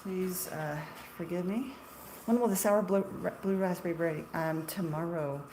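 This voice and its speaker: A woman's voice: lowish voice, moderate pace, a little mellow, a little hiss or hum. A middle-aged woman, a shop owner, chatting casually on a livestream in a chatty, self-deprecating way and laughing often.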